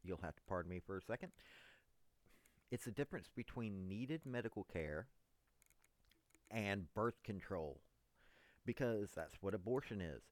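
A man delivering an unscripted political monologue, emphatic, addressing his listeners as ladies and gentlemen. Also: fairly low pitch, expressive, moderate pace, long pauses, dry recording. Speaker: political commentator.

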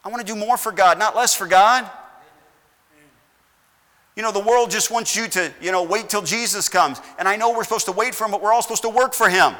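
His high-pitched voice sounds pushed and bright. This US pastor preaches in a church sanctuary, firing rhetorical questions and rising into emphatic outbursts, all wrapped in long church hall reverb.

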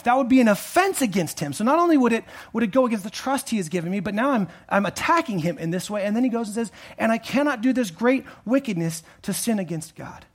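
A male pastor preaching a sermon in a conversational way, rising to emphatic peaks and dropping low again, with frequent restarts. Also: animated, quick pace.

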